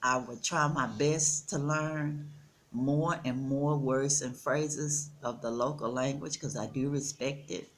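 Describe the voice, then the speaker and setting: Texan woman, 60s, unhurried earnest vlogger, faint background hiss. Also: a bass voice, fairly even intonation. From Texas. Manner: slow, earnest, addresses viewers as y'all. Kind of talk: casual chat. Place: outdoors in the Gambia.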